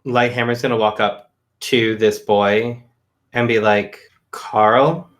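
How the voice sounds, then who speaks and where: A man's voice: lowish voice, level tone, a little slow, fairly bright tone. A man playing a tabletop game who talks casually, hesitantly and with many fillers. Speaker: player. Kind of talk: tabletop role-play talk.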